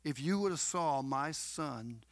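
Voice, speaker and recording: A middle-aged man tells his testimony with fervor, his voice sitting a little high for a man. He repeats phrases for emphasis and calls out to his listeners, falling to hushed tones before rising to loud, ringing announcements. The sound is dry and close, with no room around it. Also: expressive, measured pace, creaky, no echo. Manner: swings from soft murmurs to loud proclamations. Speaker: guest sharing a personal testimony. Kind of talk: emotional storytelling testimony.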